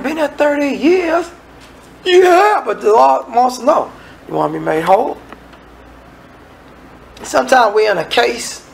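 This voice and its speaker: A man's voice: very high-pitched, creaky, slight background noise, rough recording. A man preaching a sermon in a folksy, conversational way, acting out the people in the scripture and making asides to the congregation.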